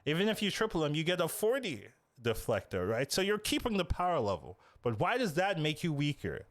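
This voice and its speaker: A man hosting a casual game-strategy podcast, talking in an animated way and peppering his points with "you know" and "right?". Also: fairly high pitch, brisk, no room sound. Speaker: podcast host.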